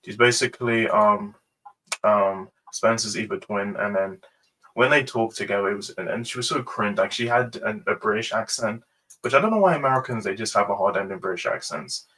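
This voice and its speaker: A man hosting a casual ranking review, rambling and hesitant with many pauses and fillers. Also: on the low side, sharp tone, far from the mic, rough recording. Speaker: host.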